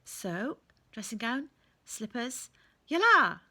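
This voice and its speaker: A woman's voice: mid-range voice, normal speed, vocal fry, breathy edge. A woman reading aloud and voicing a learned, chatty, courteous male owl with a playful, wordy manner. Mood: genial.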